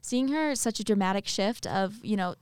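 A young woman co-hosting a student podcast, chatting casually and telling stories with animated energy and frequent laughs. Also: mid-range voice, normal speed, clear, resonant tone, no echo, studio quality. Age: young adult. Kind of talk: casual chat.

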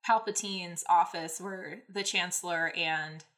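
A woman's voice: on the low side, steady tone, a little slow, fairly bright tone. A woman podcast host casually recapping a fan story, rambling with many fillers and laughing at the plot. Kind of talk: casual fanfic recap and reading.

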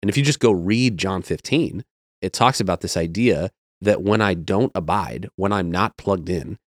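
Male pastor, podcast guest, low deep voice, dry close sound, earnest and reflective delivery. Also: normal speed, dry recording. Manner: earnest and reflective, explaining with everyday metaphors. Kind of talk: casual podcast conversation.

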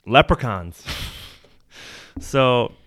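A man's voice: medium pitch, expressive, drawn-out words, a bit bright, no room sound. A man hosting a casual podcast chat, joking loosely, swearing and laughing often into a close mic. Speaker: podcast host.

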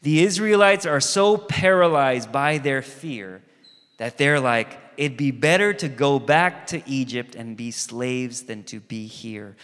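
A man preaching a sermon as pastor, animated and conversational, acting out quoted voices and asides. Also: medium pitch, unhurried, clean tone. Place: church sanctuary. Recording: long reverb of a church hall.

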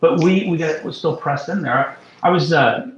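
A man tells a story on a faith talk show, animated and emphatic, acting out the voices of the people in it. His voice sits a little high for a man. The sound is roomy and a bit dull. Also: moderate pace, crowd noise. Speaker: guest minister.

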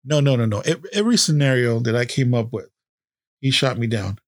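A man's voice: medium pitch, animated, fairly quick, dry recording, clean studio sound. A man in his fifties, a podcast host telling a personal story in a candid, casual way with heavy swearing.

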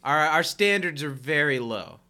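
Joking man with a bright voice. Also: a little high, lively intonation. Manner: joking banter with quick asides. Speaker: podcast co-host. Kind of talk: casual podcast chat.

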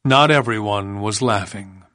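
A man reading a non-fiction audiobook as narrator, in a measured, grave storytelling manner. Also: lowish voice, pushed and bright, no echo, clean studio sound. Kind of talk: scripted narration.

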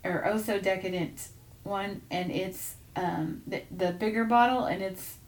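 A woman chatting casually as a podcast co-host. She rambles, loses her thread and picks it back up. Her voice sits at an ordinary pitch. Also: measured pace. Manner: chatty, rambling, trails off and restarts. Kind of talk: casual chat.

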